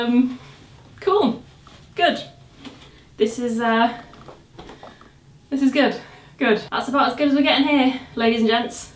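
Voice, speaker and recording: A woman's voice: on the high side, slow, long pauses, roomy sound. A young woman vlogging casually as she struggles into clothes, chatty and self-mocking, exclaiming and groaning, at times out of breath. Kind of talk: casual try-on vlog.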